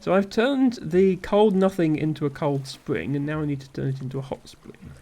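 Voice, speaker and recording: A man's voice: on the high side, normal speed, warm tone. A man streaming a video game live, thinking aloud with frequent ums and little chuckles.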